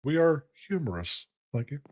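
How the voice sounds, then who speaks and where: A man voicing a stern, folksy cartoon dad with a slow, scolding drawl. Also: fairly high pitch, sing-song, a little mellow, dry recording.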